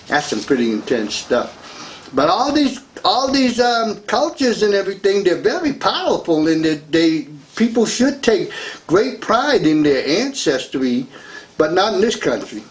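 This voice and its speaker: A man's voice: sits high, sing-song, a little slow. A man hosting a talk radio show, rambling through a casual monologue and laughing between remarks. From United States. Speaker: radio host.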